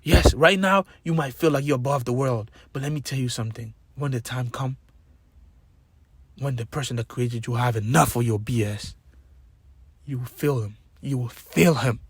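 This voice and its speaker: Husky, impassioned male motivational speaker. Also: mid-range voice, normal speed, no room sound. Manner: preachy, rising to loud emphatic peaks with repeated key words.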